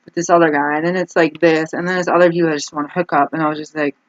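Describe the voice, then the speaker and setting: Speaking quickly in a deep, level voice with no echo, a woman vlogger chats to the camera in a loose, rambling monologue. She keeps restarting and leans heavily on "like." It's captured on dull lo-fi audio with faint noise.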